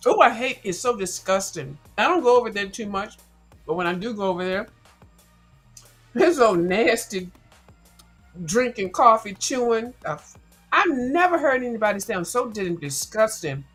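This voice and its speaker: A woman's voice: mid-range voice, expressive, moderate pace, long pauses, husky, faint music behind, poor audio. A woman hosting a casual livestream, chatting and crunching snacks into the mic, sassy and blunt and cussing freely. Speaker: livestream host. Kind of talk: casual chat while snacking.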